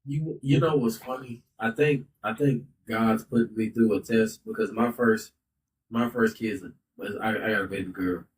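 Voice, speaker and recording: A man's voice: lowish voice, moderate pace, distant mic, rough recording. A man in his thirties hosting a podcast, talking in a loose, heartfelt way and saying "bro" and "like" a lot. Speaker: podcast host. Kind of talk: casual podcast talk. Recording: voice a bit off-mic.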